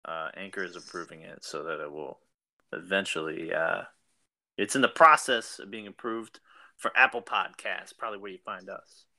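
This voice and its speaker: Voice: low-pitched, moderate pace, pushed and bright. A podcast co-host in casual chat, joking and sarcastic, laughing often. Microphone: remote mic.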